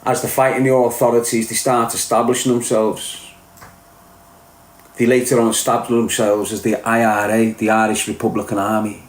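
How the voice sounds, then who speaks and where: A man's voice: mid-range voice, flat delivery, normal speed. Sweary Scouse man in an echoey room. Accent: Liverpool (Scouse). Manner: blunt, sweary, emphatic. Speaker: podcast guest. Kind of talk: casual podcast chat.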